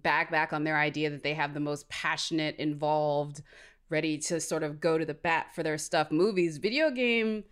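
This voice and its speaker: A woman's voice: low voice, fairly even intonation, normal speed, clean tone. A woman co-hosting a podcast, chatting casually and frankly, with a lot of filler words. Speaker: podcast co-host.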